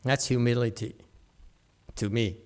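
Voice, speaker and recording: A man's voice: medium pitch, fairly even intonation, a little slow. A man teaching a meditation class in a humorous dharma talk, teasing his listeners and asking them to agree. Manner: teasing, joking, asks the audience for agreement.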